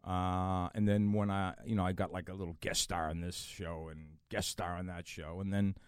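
A middle-aged man with a Boston accent, an actor guest in a casual interview, telling animated stories with frequent laughs and lots of "you know". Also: low voice, normal speed, clean tone, no room sound, studio quality.

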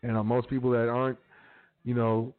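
Speaking as a podcast host in a casual monologue, this man talks bluntly, using street slang and occasional swearing. His voice is mid-range, clear and resonant, with little pitch movement and a moderate pace. Faint music plays under a tinny, phone-line quality.

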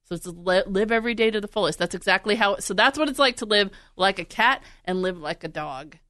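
Smooth-voiced chatty woman podcast host. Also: mid-range voice, bright, forceful tone, no room sound, studio quality. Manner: chatty, laughing, quick to act out animals. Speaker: podcast host and radio producer. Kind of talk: casual chat.

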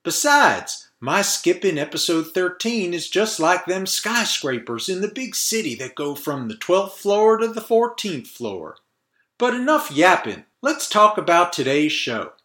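A man's voice: high voice, very animated, measured pace, fairly bright tone, pitched above the performer's own voice, heavily acted. A man putting on an exaggerated, folksy fake Southern accent as a hammy podcast host persona. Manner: exaggerated folksy drawl with hollers. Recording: roomy echo.

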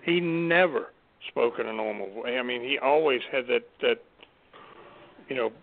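A man co-hosting a casual talk show, rambling and halting with lots of fillers. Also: medium pitch. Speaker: co-host. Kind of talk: casual podcast chat. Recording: tinny phone-line audio.

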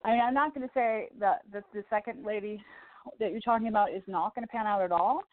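A woman's voice: medium pitch, fast, dry recording. A woman hosting a call-in radio show, giving encouraging angel card readings to callers in a chatty, reassuring way. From Chicago. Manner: warm encouraging, chatty with laughs. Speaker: radio psychic reader and host. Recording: tinny phone-line sound, dry.

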